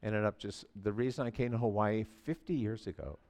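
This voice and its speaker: A man in his sixties preaching a sermon in a church, telling stories animatedly and swinging from quiet asides to near shouting. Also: fairly low pitch, fairly quick. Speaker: pastor.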